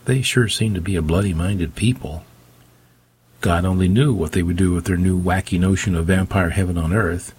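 A male narrator reads a first-person story with a dry, wry touch. His voice is deep and strongly husky. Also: moderate pace, a little mellow. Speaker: audiobook narrator.

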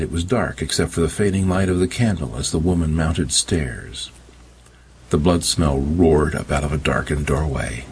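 A man's voice: very deep voice, slight background noise. A man narrating a first-person audiobook in a wry, sardonic storytelling manner.

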